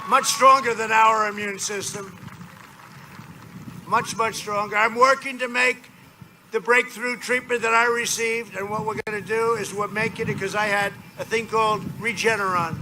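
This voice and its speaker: A man speaking at an outdoor political rally, rambling, boastful and repetitive. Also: sits high. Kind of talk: campaign rally speech. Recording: noisy outdoor rally recording.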